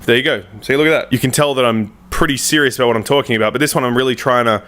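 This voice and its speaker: A man's voice: mid-range voice, fairly even intonation, very fast. A young Australian man with a casual comedic vlog style, swearing and self-mocking as he talks at home. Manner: swearing, self-mocking, jumps into shouty voices. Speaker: comedy vlogger. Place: home room with a softbox light.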